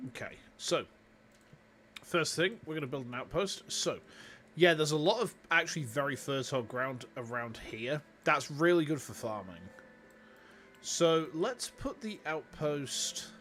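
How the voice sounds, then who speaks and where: Speaking at a measured pace, this fairly high, lively voice has a fairly bright tone, and faint music plays behind it. It belongs to a young Yorkshire VTuber chatting and rambling to viewers as he plays a city-building game.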